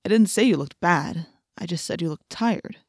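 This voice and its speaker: A woman voicing an earnest, friendly teenage boy who talks quietly and confidingly in an audiobook. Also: lowish voice, normal speed, breathy edge, no room sound, studio quality.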